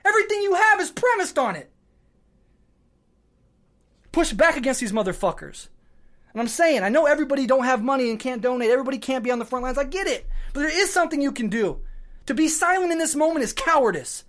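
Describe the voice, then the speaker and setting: A man's voice: extremely high pitch, expressive, fast, fairly bright tone. A man hosting a podcast who delivers a fiery political monologue full of swearing and stacked short clauses. He is worked up and short on sleep. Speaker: podcast host.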